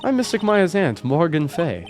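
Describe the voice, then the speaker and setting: A man's voice: fairly high pitch, very animated, moderate pace, soft background music. A man voicing a stern, formal older woman, an aunt who is a spirit medium, speaking in a proper, old-fashioned way. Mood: haughty.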